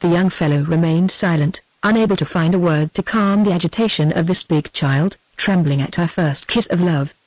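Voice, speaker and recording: A synthetic woman's voice with a British accent reading a novel aloud at a steady, even pace. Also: fairly low pitch, moderate pace, hardly any pauses, dry recording, low-quality recording. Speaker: audiobook narrator. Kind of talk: text-to-speech novel reading.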